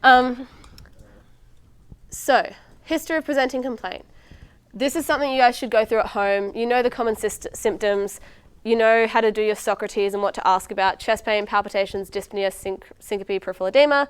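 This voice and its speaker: Smooth-voiced chatty woman tutor. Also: on the high side, normal speed, dry recording. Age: 20s. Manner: chatty, frequent ums and likes. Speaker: medical student tutor. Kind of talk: casual exam-prep lecture.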